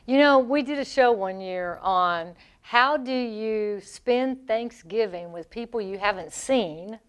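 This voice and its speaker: A woman from the American South co-hosts a radio show, her voice on the high side, clear and resonant. She chats playfully and talkatively, tossing in quick asides in casual radio banter.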